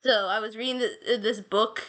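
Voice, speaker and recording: A woman's voice: a little high, steady tone, normal speed, a bit bright. A woman telling an old myth in a casual, rambling way, full of slang and restarts. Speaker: podcast host.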